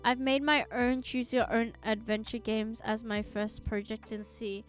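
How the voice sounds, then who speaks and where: A woman's voice: on the high side, level tone, measured pace, faint music behind. A young woman streaming live, chatting casually to her viewers in a rambling way and giggling often.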